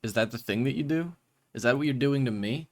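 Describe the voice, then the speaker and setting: A man's voice: mid-range voice, a little fast, darkish tone. A man streaming a game, chatting to viewers in a rambling, self-mocking way. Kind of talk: casual live-stream chatter.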